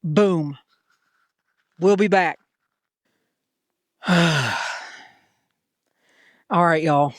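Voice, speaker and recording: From a mountain summit, a woman with a Southern US accent records a casual trail vlog on a handheld phone, chatty and poking fun at herself. She speaks extremely slowly with long pauses in a deep voice, and the recording is dry and studio quality.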